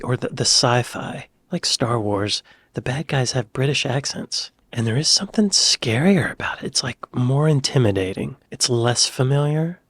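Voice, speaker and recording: A man's voice: mid-range voice, no echo. An American man hosting a reaction video, chatting and musing in a casual, self-correcting way.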